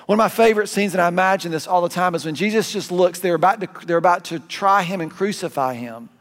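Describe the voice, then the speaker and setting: Male Southern pastor, high voice, animated conversational sermon, reverberant sanctuary. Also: fast talker. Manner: conversational, animated preaching with asides and restarts. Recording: long hall reverb.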